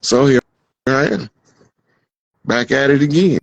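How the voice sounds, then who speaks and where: A man's voice: mid-range voice, unhurried, vocal fry, no echo, highs cut off. A man as an interview guest, speaking in a proclaiming, declamatory way. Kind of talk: conversational interview.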